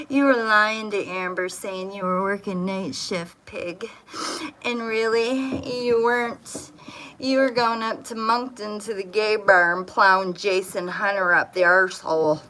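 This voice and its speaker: A woman livestreaming from her phone in a home kitchen. She rants with heat and swears constantly. Her pitch sits in an ordinary middle range, with a faint hiss behind her voice. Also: unhurried, a bit bright. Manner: profane, agitated ranting. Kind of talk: casual livestream chat.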